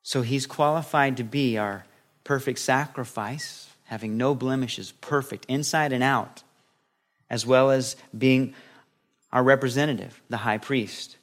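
A middle-aged man preaching a sermon as pastor, lively and playful, acting out little scenes as he teaches. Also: mid-range voice, a little slow.

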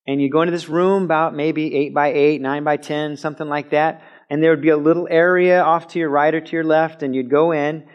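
A man's voice: mid-range voice, highs cut off. Man preaching a conversational sermon. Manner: conversational teaching with sudden shouted quotes. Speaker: pastor. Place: church sanctuary with a mic system.

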